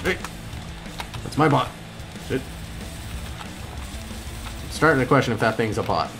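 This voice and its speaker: A man hosting a gaming video, giving excitable gameplay commentary and yelping high when things go wrong. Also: measured pace, over music. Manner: excitable, yelps high-pitched when upset.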